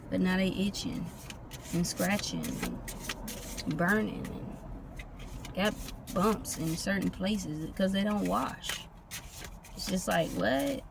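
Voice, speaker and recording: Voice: mid-range voice, vocal fry. A tarot reader giving a loose, casual reading, free-associating from one image to the next with plenty of profanity. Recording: noisy background with vehicle sounds.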